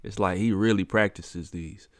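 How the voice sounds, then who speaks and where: A man's voice: low-pitched, steady tone, normal speed, dry recording, clean studio sound. A man reacting casually to a comedy clip, laughing often and tossing in slangy remarks. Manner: laughs a lot, slangy interjections. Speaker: reaction video host.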